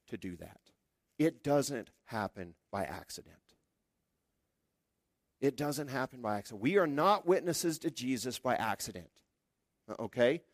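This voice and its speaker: A man preaching a sermon in a conversational, lively way, acting out the quotes. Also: medium pitch, no echo, studio quality. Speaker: pastor.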